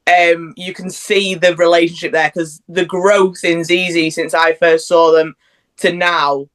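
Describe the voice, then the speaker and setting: A woman's voice: fairly low pitch, level tone, measured pace. A woman hosting a casual podcast chat, talking about wrestlers in a chatty way. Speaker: podcast host.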